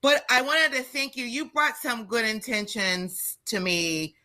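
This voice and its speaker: A woman's voice: a little high, fairly even intonation, a little slow, bright, forceful tone. A woman calling in to a live show, earnest and chatty, repeating phrases for emphasis. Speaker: caller, teacher. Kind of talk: phone-in caller.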